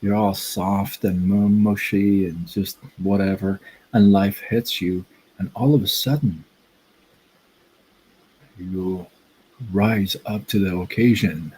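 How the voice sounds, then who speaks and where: A man hosting a casual livestream, telling a story in a rambling, halting way and breaking off to greet his chat. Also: sits low, steady tone, darkish tone, breathy edge, poor audio. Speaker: livestream host.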